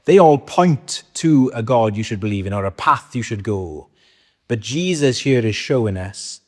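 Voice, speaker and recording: A man preaches in a church hall, his low-side, darkish voice moving at a moderate pace. The sermon is conversational, with frequent questions for the congregation, recorded with long church reverb.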